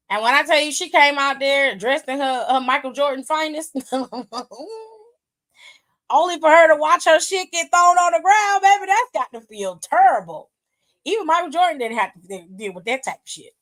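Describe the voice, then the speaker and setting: High-voiced woman, profane and animated. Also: low-quality recording. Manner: animated, profane, blunt storytelling. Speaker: stream co-host. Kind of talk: casual wrestling chat.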